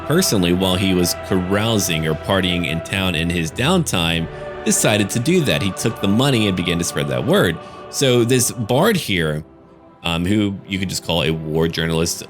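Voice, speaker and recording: A man with a low-pitched, fairly bright voice talks loosely through a casual channel update. He's a gaming YouTuber and game master who rambles and swears now and then.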